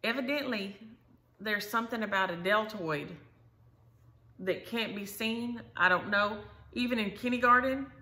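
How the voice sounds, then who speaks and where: A woman's voice: medium pitch, unhurried, bright, forceful tone. An older woman, telling stories in casual, chatty talk as host of her stitching channel. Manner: chatty storyteller, says "y'all". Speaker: Flosstube host. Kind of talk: casual chat.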